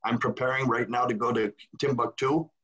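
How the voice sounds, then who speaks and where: This older man is a retired priest recounting a story during a video call, voicing each person he quotes. He speaks briskly in a mid-range voice with fairly even intonation and a fairly bright tone. The audio is lo-fi and dull, typical of a video call.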